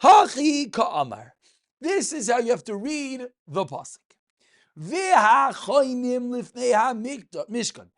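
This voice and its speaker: Lively rabbi teaching a Talmud class. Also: male voice, extremely high pitch, a little slow. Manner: asks questions and answers them himself, repeats key points. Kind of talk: animated Talmud lesson.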